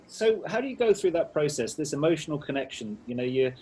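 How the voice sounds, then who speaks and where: A man hosting a remote interview, asking thoughtful, measured questions over a call. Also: fairly high pitch, sing-song, dark tone, breathy edge, rough recording.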